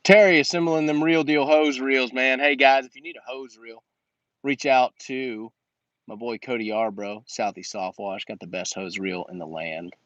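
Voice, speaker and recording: A man's voice: medium pitch, fairly even intonation, moderate pace, a bit bright, no echo, highs cut off. A man hosting a casual livestream Q&A and coaching business owners in slangy, emphatic talk that repeats his points.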